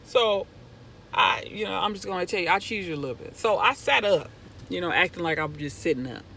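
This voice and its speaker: A young woman vlogger telling a personal story in an animated way, going from hushed to loud when excited. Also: on the low side, fairly quick, gravelly, slight background noise, low-quality recording. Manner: excitable, swings from hushed to near-shouting.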